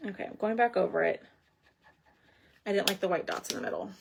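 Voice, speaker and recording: A woman's voice: medium pitch, fairly quick, gravelly, heavy background noise. A woman hosting a casual crafting livestream, chatting and thinking aloud as she works. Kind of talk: casual live crafting chat.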